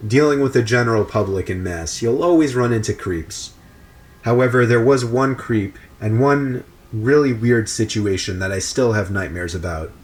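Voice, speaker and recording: Man narrating a scary story, steady. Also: mid-range voice, moderate pace. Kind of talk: scripted narration.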